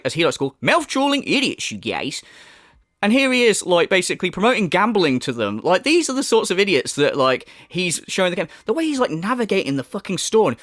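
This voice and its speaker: A man's voice: sits high, fairly bright tone, no echo, clean studio sound. Sarcastic man ranting in commentary. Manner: sarcastic, sweary, laughs at his subject. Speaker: commentary YouTuber.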